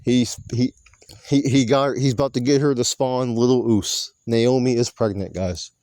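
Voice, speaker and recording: A man's voice: mid-range voice, steady tone, moderate pace, dark tone, no room sound. A man recapping a wrestling show in a loose, rambling monologue, swearing casually and often correcting himself. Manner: rambling, profane, self-correcting.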